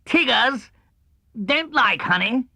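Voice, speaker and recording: A high, cheerful, bouncy tiger. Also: male voice, moderate pace, no echo, heavily acted. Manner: cheerful, excitable, very decided. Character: bouncy boastful young male tiger. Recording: dull, dry 1970s LP studio recording.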